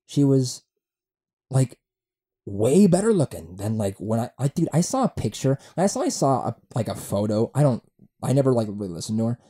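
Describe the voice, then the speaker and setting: Dark-voiced, profane young man ranting. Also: medium pitch. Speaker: podcast host. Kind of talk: solo comedy podcast rant. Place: room at home.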